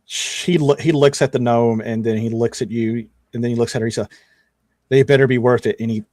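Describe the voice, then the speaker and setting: A man's voice: mid-range voice, steady tone, brisk, mellow, dry recording. A man narrating a tabletop game as game master in a loose, rambling way. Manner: casual, rambling with fillers.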